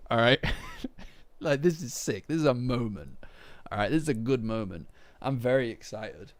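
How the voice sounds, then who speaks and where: A man hosting a casual chapter reaction, breaking into heated, cursing outbursts between calmer reflective stretches. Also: mid-range voice, normal speed. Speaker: manga reaction host. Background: faint lofi background music.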